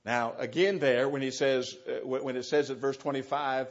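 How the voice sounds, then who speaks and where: A man's voice: mid-range voice, little pitch movement, normal speed. A man teaching verse by verse through a Bible passage, talking it through conversationally and asking his listeners rhetorical questions. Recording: dull lo-fi recording.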